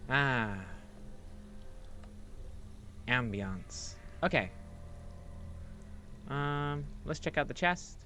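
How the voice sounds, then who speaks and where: A man in casual gameplay commentary, talking in a loose, rambling flow and dropping casual swears as he goes. He reads the game's text aloud between his own remarks. His voice sits at an ordinary middle pitch, with a faint hiss of noise behind it. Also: lively intonation, takes it slowly, bright, forceful tone. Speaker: game streamer.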